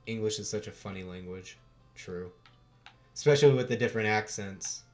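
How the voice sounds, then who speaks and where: A man's voice: fairly low pitch, normal speed, faint music behind. A young man from the United States with a Western American accent, chatting casually and swearing while hosting a livestream. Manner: laid-back, swears casually, chuckles often. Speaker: livestream host.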